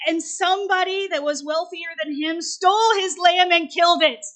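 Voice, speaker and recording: An earnest prophet pleads with his king, as a woman preacher tells it. The voice is very high. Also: normal speed, a bit bright. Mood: pleading.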